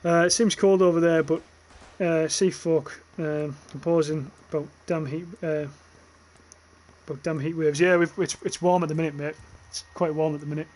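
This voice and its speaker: Chatty Northern English man, higher voice. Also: steady tone, moderate pace, darkish tone. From northern England. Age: young adult. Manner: chatty, swears freely, reads chat aloud. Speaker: livestreamer. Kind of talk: casual gaming livestream chat.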